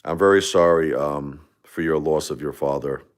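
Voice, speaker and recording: A man's voice: very deep voice, moderate pace. A middle-aged man hosting a livestream, talking in a rambling, heartfelt, conversational way. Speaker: livestream host. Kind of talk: casual livestream talk.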